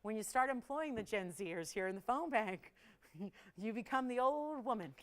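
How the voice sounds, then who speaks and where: A woman's voice: on the high side, expressive, normal speed. A woman hosting a live on-air jewelry shopping show, chatty and playful, laughing often and teasing the crew. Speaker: shopping channel host.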